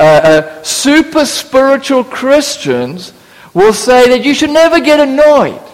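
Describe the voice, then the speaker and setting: A man preaching a sermon, acting out biblical voices with humorous asides. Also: extremely high pitch. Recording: long reverb of a church hall.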